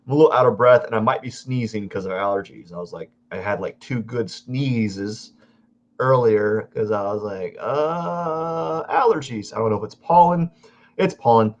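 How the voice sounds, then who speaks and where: Man, low-pitched, chatty live-stream artist, rambling and self-correcting, dull lo-fi audio. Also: animated, normal speed. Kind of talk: casual live-stream chat while drawing.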